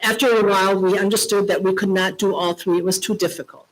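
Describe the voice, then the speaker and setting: A woman's voice: medium pitch, steady tone, fast, rough recording. Older woman giving a heartfelt speech. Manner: storytelling, emphatic, repeats key phrases. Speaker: keynote speaker. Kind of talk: motivational conference speech.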